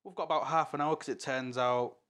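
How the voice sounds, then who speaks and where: A man's voice: medium pitch, steady tone, a little fast, fairly bright tone, clean tone. A young man with a Hull accent, co-hosting a podcast and telling stories in casual chat, laughing and swearing freely. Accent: Hull English. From England. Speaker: podcast co-host.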